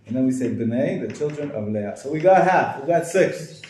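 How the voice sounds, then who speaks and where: A man's voice: mid-range voice, animated, normal speed, mellow. A man teaching a class, patiently drilling pronunciation and encouraging his students. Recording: very echoey room.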